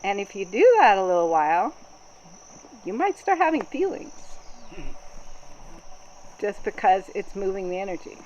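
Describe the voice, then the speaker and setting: A woman guides a group through a workshop in a calm, explanatory voice at an ordinary pitch. She pauses on frequent ums as she explains. A faint hiss sits under the recording. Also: lo-fi sound. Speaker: workshop facilitator.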